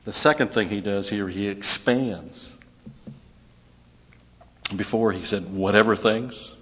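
Low-voiced man teaching scripture in a hall. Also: slow pace, a bit bright. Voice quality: conversational, asks and answers own questions. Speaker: Bible teacher. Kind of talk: verse-by-verse Bible teaching. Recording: dull recording with long hall reverb.

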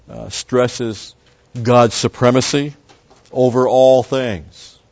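A man's voice: fairly low pitch, darkish tone. Guy going through bible verses word by word, chatty asides, kinda muffled lo-fi sound. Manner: conversational, explains word by word with asides. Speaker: Bible teacher. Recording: dull lo-fi sound.

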